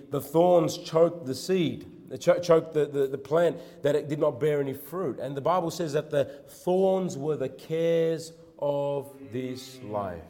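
A man preaching a sermon with rising fervor, often repeating words as he builds, then softening into quiet prayer. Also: mid-range voice, in a large hall. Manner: preaches with swelling fervor, then drops to soft intimate prayer; repeats words and phrases when starting a line.

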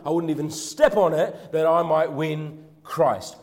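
Male preacher, fairly high voice, fervent sermon delivery, repeats words as he builds, long hall reverb. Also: unhurried, few pauses. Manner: preaches with swelling fervor, then drops to soft intimate prayer; repeats words and phrases when starting a line.

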